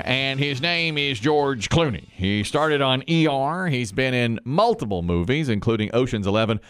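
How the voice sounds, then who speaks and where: An upbeat man hosting a morning radio show, rattling off trivia with a lively, rising and falling pitch. Music plays clearly behind him in the studio. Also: no echo. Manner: upbeat, reads trivia quickly.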